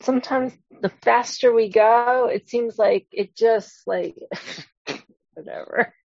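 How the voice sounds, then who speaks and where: A woman facilitating a group discussion, encouraging and affirming. She speaks slowly with a gravelly edge. The sound is dry and muffled, like a video call. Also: on the high side, darkish tone, no echo.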